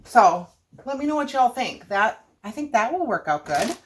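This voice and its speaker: Older woman, homestead cooking vlogger, lively rambling chat, faint kitchen noise. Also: fairly high pitch, moderate pace. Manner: chatty, rambling, frequent self-corrections and laughs. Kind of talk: casual cook-along chat to camera. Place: home kitchen.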